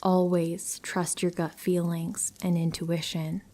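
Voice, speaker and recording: A woman reading true horror stories aloud in a soft, hushed storytelling voice that often drops to a whisper. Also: on the low side, little pitch movement, slow. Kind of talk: scripted narration of listener stories.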